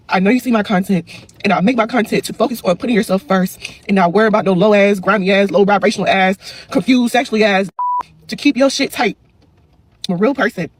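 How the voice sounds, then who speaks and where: Single mother vlogger, woman, husky tone, emotional and blunt. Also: mid-range voice. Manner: raw, venting, repetitive questioning. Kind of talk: emotional confessional vlog.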